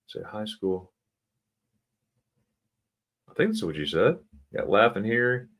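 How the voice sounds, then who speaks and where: An American man chats on a livestream in a low voice, slow-paced but with a lively, swinging pitch. He reads out viewer comments and tries German words one syllable at a time. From United States. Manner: chatty, sounds out German words slowly. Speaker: livestream host. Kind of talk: casual live chat reading viewer comments. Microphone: computer mic for a livestream.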